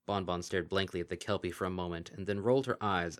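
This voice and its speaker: A man narrating a fantasy story aloud, dramatic and expressive, voicing all characters. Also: sits low, quick pace, few pauses.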